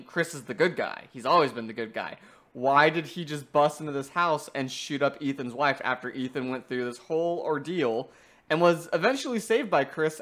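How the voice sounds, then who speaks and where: An enthusiastic podcast co-host recaps a game plot in loose, chatty speech full of fillers. The voice sits at an ordinary middle pitch. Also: a bit bright. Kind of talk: casual game review chat.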